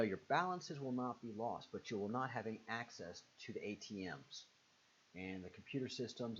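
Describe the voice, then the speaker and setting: Southern-accented man chatting on a live stream. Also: a little hiss or hum. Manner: rambling, answers viewer comments with fillers. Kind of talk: casual live stream chat reading comments. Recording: muffled low-fidelity stream audio.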